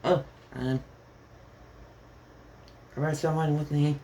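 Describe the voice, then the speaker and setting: A man's voice: fairly high pitch, little pitch movement, takes it slowly, mellow, a little hiss or hum, voice pushed up. A man voicing Naruto, a cheerful young boy ninja who talks eagerly with a shy streak. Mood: flustered.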